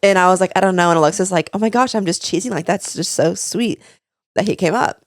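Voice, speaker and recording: A young woman co-hosting a podcast, telling stories in an animated, chatty way. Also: lowish voice, quick pace, dry recording, clean studio sound. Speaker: podcast co-host. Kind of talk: casual chat.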